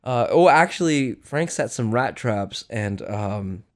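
A man's voice: medium pitch, animated, takes it slowly. A young man telling a story in casual, profane chat, rambling with lots of fillers, a bit out of breath. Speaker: podcast co-host.

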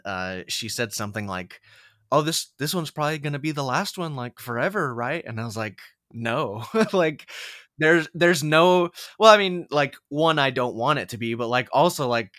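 A young man co-hosts a podcast in a loose, chatty way, full of "like" and false starts. His voice is bright and forward. The sound is dry and close, with little room around it. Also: on the low side, clean tone, no room sound. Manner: chatty, many fillers and restarts. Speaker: podcast co-host. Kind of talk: casual chat.

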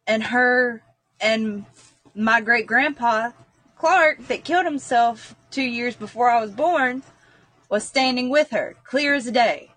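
A woman's voice: a little high, takes it slowly, fairly bright tone. A woman, a guest earnestly recounting a personal story, rambling with frequent fillers. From North Carolina, US.

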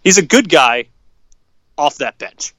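A man's voice: a little high, very animated, takes it slowly, fairly bright tone, no echo, poor audio. A man co-hosting a casual hockey podcast, swearing freely and ranting with strong opinions. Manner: profane, fired-up hockey opinions. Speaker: podcast co-host. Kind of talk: casual sports chat.

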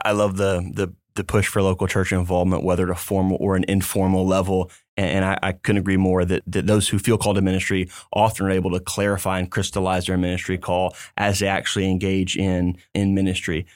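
A man's voice: low voice, dry recording. A man co-hosting a podcast in a studio, asking thoughtful questions and affirming his colleague. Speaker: podcast co-host and preaching professor. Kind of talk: conversational podcast discussion.

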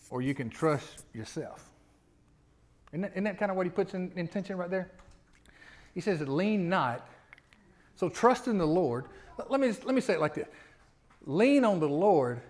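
A middle-aged male pastor preaching a sermon in a conversational way, asking the congregation rhetorical questions and building to loud emphatic peaks. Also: high voice.

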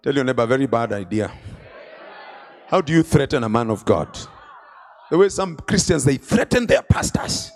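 A man preaching a sermon at a conference, retelling scripture and stories with dramatic swings from quiet to shouting. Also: mid-range voice, big pitch swings, normal speed, pauses often, a faint crowd. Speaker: bishop preaching. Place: large conference hall.

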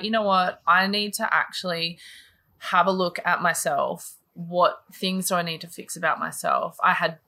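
A woman guest shares her story candidly in casual chat, swearing freely and filling her talk with likes and ums. Her voice is lowish, pushed, and bright.

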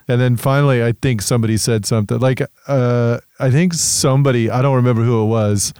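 Dude rambling through a story on a podcast, clear smooth voice, super dry sound. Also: male voice, mid-range voice, fairly even intonation, fairly quick, darkish tone, no room sound. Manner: rambling storyteller, lots of fillers and restarts, swears. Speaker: podcast co-host. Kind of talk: casual podcast chat.

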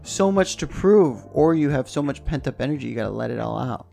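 A young man from New York chats on a podcast, telling animated stories full of swearing. His voice has a gravelly edge, and faint music plays behind him. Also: mid-range voice, fairly quick. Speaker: podcast co-host. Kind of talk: casual chat.

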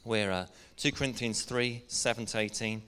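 A man preaching a sermon to a congregation. He speaks earnestly, slows down to stress key words, and puts questions to the room. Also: fairly low pitch, fairly even intonation, a bit bright, slight background noise. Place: church hall. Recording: echoey church hall.

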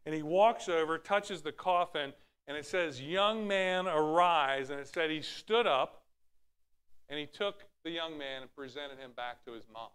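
A pastor preaches a sermon, teaching from scripture with rhetorical questions and acting out Bible scenes in raised voices. His voice sits on the high side, smooth and a bit bright, at a moderate pace.

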